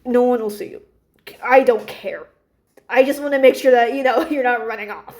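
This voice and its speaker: A woman's voice: on the high side, darkish tone, pitched above the performer's own voice, close to an everyday voice. Woman voicing a blunt, unbothered young woman. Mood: dismissive. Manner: brisk, casual and dismissive.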